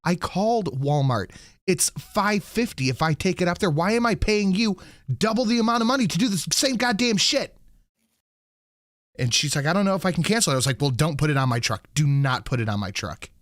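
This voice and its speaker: A man hosting a podcast, telling an angry story full of swearing and quoting himself loudly. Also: high voice, fairly quick, no room sound, studio quality. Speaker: podcast host. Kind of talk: casual ranting chat.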